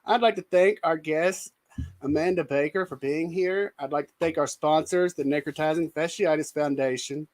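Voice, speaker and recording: A man's voice: fairly high pitch, darkish tone. A man with a Southern accent hosting an interview, mostly giving short friendly replies and closing the show. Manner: brief affirmations, friendly. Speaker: interview host. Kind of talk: casual interview chat.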